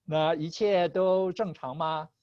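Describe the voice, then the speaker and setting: A man's voice: on the high side, steady tone, slow, no echo. A male teacher running an online class, patient, switching between Chinese and English and laughing often. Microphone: video call. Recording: slightly dull video call audio.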